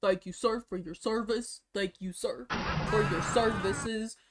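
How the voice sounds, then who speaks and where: A young woman streamer in casual reaction chat, giggly and excitable, often breaking into laughter. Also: mid-range voice, measured pace, over music.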